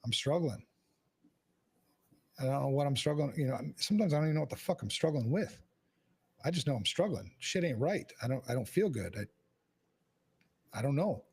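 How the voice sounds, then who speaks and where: Male podcast host, raspy with fry, frank and sweary, loose casual delivery. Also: mid-range voice, expressive, moderate pace, pauses often, a little mellow. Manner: frank, heavy swearing, restless restarts. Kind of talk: candid casual conversation.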